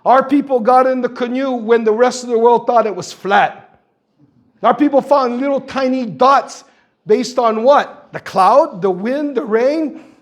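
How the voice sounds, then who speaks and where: A man in his sixties from Guam, speaking at a public forum in earnest testimony that builds through lists and rhetorical questions. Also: very high-pitched. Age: 60s.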